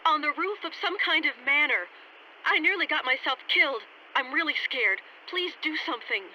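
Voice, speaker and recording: An actress playing a frightened, impatient young female scholar in a video game, high-strung and sharp-tongued. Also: animated, normal speed, heavily acted. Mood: frantic. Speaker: game character. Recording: dull lo-fi game audio, faint hiss.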